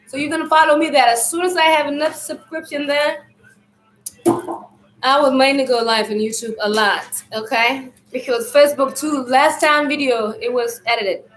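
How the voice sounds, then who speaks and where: A high-pitched woman talks loudly and loosely on a live stream, rambling through a spiritual message to her viewers. Her throat is irritated and she keeps clearing it. The sound carries a roomy echo. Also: fairly even intonation, moderate pace, slight background noise. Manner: loud, loose and rambling, speaks to viewers as family.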